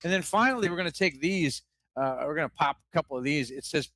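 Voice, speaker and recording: A man co-hosts a live podcast, rowdy and goofy, always cracking wise. His voice sits a little high and bright, and the sound is dry with no room around it. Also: fast talker, no echo. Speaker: podcast co-host. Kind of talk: casual live podcast banter.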